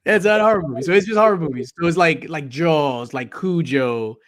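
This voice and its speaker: A man hosting a casual pop culture panel chat, joking and bantering loudly with his guests. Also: a little high, a little fast. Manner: joking, loud and playful banter. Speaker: podcast host.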